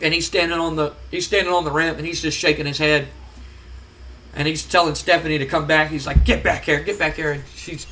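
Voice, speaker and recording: A man's voice: fairly high pitch, flat delivery, a little fast, bright, forceful tone, a little hiss or hum. A man casually narrating a wrestling simulation game, rambling with fillers. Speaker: game streamer.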